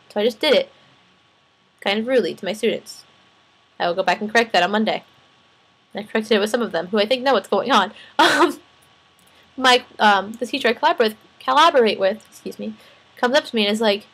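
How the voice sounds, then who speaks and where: A tired young woman vents to her camera about her week, rambling and animated. Her voice is husky with a gravelly fry, and it sits a little high. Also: fairly quick, poor audio. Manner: rambling, animated, restarts and laughs often. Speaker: student teacher vlogger. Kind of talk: casual personal vlog venting.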